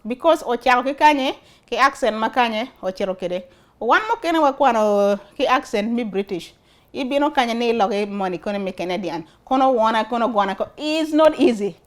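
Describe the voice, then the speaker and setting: A woman's voice: fairly high pitch, lively intonation, brisk. Earnest woman with an Acholi accent. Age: adult, studied and worked before emigrating. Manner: earnest, with rhetorical questions to viewers. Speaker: talk show host. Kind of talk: casual talk to camera.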